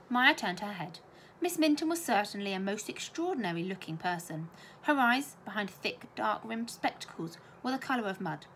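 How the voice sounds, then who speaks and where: A woman teacher reading a children's novel aloud with expressive storytelling. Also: mid-range voice, moderate pace, a little hiss or hum.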